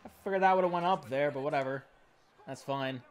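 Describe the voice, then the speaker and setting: A man narrating his own hockey video game as he plays, excitable and self-deprecating, talking back at the screen. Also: fairly high pitch, a little fast. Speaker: gamer playing a hockey career mode. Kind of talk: excited let's-play commentary.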